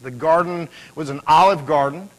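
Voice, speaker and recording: A man's voice: a little high, normal speed, fairly bright tone, poor audio. A man preaching a sermon, talking conversationally and building to emphatic peaks. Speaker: pastor.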